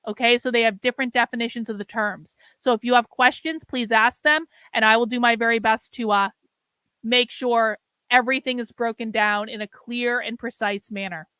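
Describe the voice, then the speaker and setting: Female streamer, blunt and exasperated, bright high voice, dry close sound. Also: fairly even intonation, moderate pace, smooth, dry recording. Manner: blunt, swears, exasperated lecturing. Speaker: host reacting to a stream. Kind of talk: livestream commentary.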